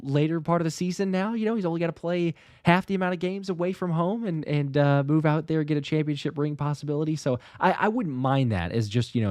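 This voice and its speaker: A man hosting a casual livestream chat, talking in a halting way that repeats words and often restarts. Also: fairly high pitch, a little mellow, dry recording, clean studio sound. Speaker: show host.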